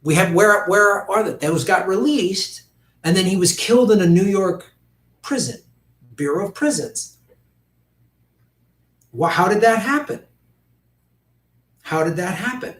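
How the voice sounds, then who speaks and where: A man's voice: high-pitched, expressive, unhurried, long pauses, fairly bright tone, reverberant, distant mic. Blunt, profane male livestream host. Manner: blunt, profane, talks directly to chat viewers. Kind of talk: livestream commentary.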